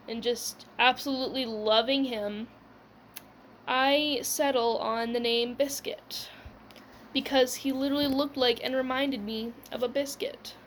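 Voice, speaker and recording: A woman's voice: fairly high pitch, a little hiss or hum. A young woman telling a personal story in a casual, rambling way, with lots of "like" and "whatever" and laughs along the way.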